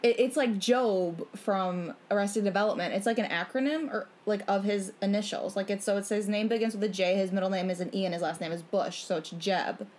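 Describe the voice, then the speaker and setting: A woman's voice: mid-range voice, a little fast, few pauses, darkish tone. A young adult woman co-hosting a podcast in casual chat, explaining at length with many "like" fillers and free swearing. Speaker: podcast co-host.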